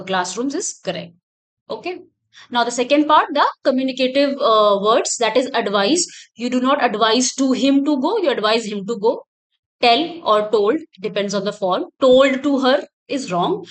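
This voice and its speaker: A woman teaching grammar in a recorded exam-prep lecture, explaining patiently and repeating her points with fillers. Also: on the high side. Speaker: English teacher.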